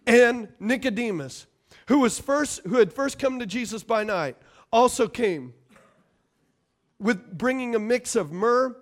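Pastor guy, really high voice, preaching all animated, jumps loud when he acts out the story people. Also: a little slow. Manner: animated, acts out quoted characters with jumps in pitch and volume. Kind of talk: sermon.

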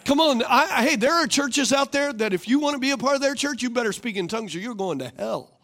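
Male pastor, high voice, sermon style, big on call-and-response. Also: animated, fast, bright, forceful tone. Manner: rhetorical, calls for congregation responses; repeats questions for emphasis.

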